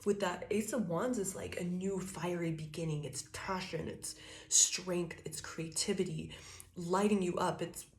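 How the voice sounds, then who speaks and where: A woman's voice: fairly low pitch, steady tone, measured pace, a little hiss or hum. A woman giving a casual tarot reading, talking loosely and profanely, laughing often and acting out quoted thoughts. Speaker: tarot reader.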